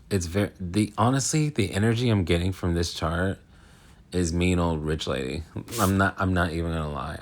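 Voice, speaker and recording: A man with a very low voice talks through an astrology reading in a casual monologue. He rambles, restarts his sentences and fills the gaps with ums, and he speaks frankly. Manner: rambling, filler-heavy, frank. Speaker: astrologer, channel host.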